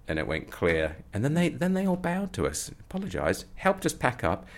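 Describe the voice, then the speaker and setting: A man telling a comic story as an interview guest, acting out the voices of the people in it. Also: normal speed. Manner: animated storyteller, acting out voices with rising pitch. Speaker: comedy performer and guest. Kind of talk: anecdotal storytelling.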